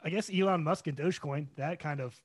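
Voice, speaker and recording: A man's voice: a little high, fairly quick, dry recording, studio quality. A man from Delaware County, Pennsylvania, chatting on a podcast in a laid-back way with brief remarks. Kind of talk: casual podcast chat.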